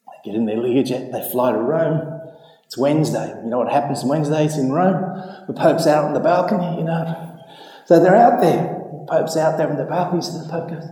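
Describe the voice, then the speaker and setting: A man's voice: brisk, dark tone. Man telling a joke in an echoey hall. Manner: storytelling, jumps high for quoted voices. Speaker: speaker. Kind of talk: public talk with a joke.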